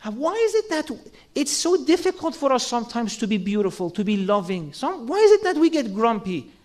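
A man's voice: very high-pitched, sing-song, a little fast, a little mellow. A man giving an earnest sermon, asking rhetorical questions and acting out quoted lines. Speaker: religious speaker.

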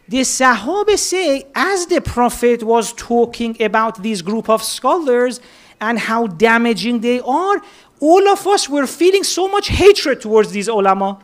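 In an animated, higher-pitched voice at a moderate pace, a woman delivers a heartfelt religious talk driven by stories. She builds each account gradually, weaving in Persian and Arabic terms.

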